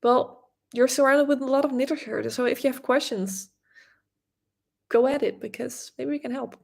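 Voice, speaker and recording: A young Dutch-accented woman hosts a relaxed knitting livestream, reading viewers' comments aloud and replying in a chatty way. Her voice sits slightly high and has a gravelly fry at the ends of phrases. She often restarts words and gives small laughs as she talks. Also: moderate pace. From Netherlands. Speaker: livestream host, knitting creator.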